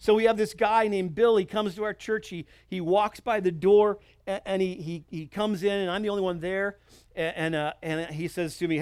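A man's voice: sits high, steady tone, brisk, a little mellow, clean tone, no echo, studio quality. A middle-aged male pastor preaching a sermon, earnest and conversational, telling personal stories and acting out quotes. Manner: earnest, conversational, with frequent restarts and acted-out quotes.

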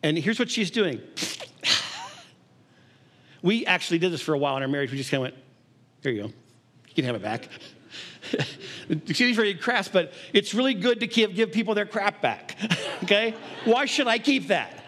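High-voiced pastor preaching conversationally. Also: male voice, lively intonation, a little fast, fairly bright tone. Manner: conversational preaching with acted-out quotes and laughs. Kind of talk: sermon.

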